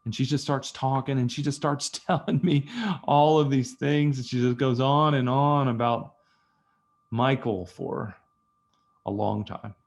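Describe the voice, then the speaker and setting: A man leading an online workshop, relaxed and conversational, walking through examples as small stories. His voice sits at a middle pitch and reaches the listener through a video call mic. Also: unhurried, gravelly. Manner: conversational, storytelling, acts out dialogues. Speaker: communication skills trainer. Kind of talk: online training talk.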